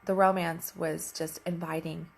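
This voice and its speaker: Husky, gravelly-voiced woman coach. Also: lowish voice, unhurried. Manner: animated storyteller, emphatic repetition. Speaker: relationship coach. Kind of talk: casual coaching talk.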